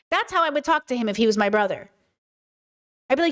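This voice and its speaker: High-pitched woman streamer going off on a clip, emphatic, keeps repeating her point. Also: lively intonation, quick pace, long pauses. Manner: emphatic, repeats points, quotes others in put-on voices. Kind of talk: casual commentary.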